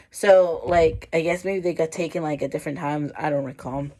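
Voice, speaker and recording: Woman, 20s, vlogger, rambling, self-mocking, low voice. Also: moderate pace, hardly any pauses, dark tone, low-quality recording. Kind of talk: casual reading of her old writing.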